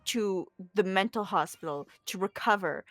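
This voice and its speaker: A woman's voice: mid-range voice, normal speed, fairly bright tone, a little hiss or hum. A woman playing a game with a streamer, chatting casually in a blunt, exasperated way with casual swearing. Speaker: co-player on a stream. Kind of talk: casual chat while gaming.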